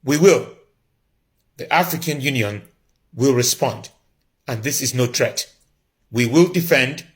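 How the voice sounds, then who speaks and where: An actor playing a pompous, defiant male president who makes a slow, emphatic address full of repeated declarations. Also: mid-range voice, natural voice. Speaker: comedic character clip.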